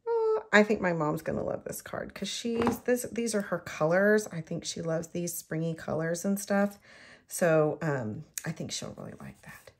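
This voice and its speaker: A middle-aged woman, chatting to herself and the viewer in an excitable way while she shows how to make a card. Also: on the low side, normal speed, a little hiss or hum. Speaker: card-making demonstrator. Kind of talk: casual crafting tutorial.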